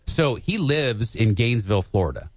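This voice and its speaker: Male co-host, enthusiastic and chatty, animated range, dry booth sound. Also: medium pitch, moderate pace, dry recording. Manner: enthusiastic storyteller, laughs often. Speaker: radio co-host. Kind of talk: casual studio banter. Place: radio studio.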